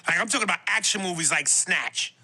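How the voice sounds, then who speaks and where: A man co-hosting a podcast, chatting casually, animated and rambling as he corrects himself. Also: high voice, quick pace, breathy edge. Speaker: podcast co-host. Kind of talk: casual chat.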